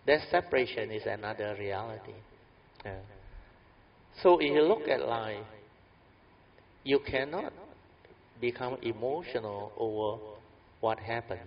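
A man giving a Buddhist Dhamma talk, telling a story in a chatty, anecdotal way with tag questions and fillers. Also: mid-range voice. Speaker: Buddhist teacher. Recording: dull lo-fi recording.

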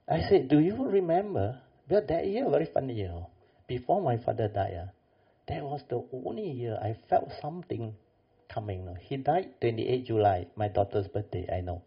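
An older man, telling a lively story in a dharma talk and acting out the people in it. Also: mid-range voice, moderate pace, breathy edge. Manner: animated storyteller, acts out quoted voices. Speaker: Buddhist meditation teacher. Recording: dull lo-fi class recording.

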